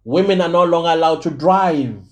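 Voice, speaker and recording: Fired-up South African man, high voice. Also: moderate pace. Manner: heated, preachy, repeats points for emphasis. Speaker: channel host. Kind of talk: impassioned commentary to camera.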